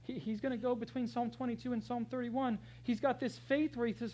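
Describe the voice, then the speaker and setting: A pastor delivering a conversational sermon, talking straight to the congregation and swinging between loud, emphatic scripture readings and hushed asides. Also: mid-range voice, steady tone, brisk, few pauses, rough recording. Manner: conversational, addresses the congregation directly.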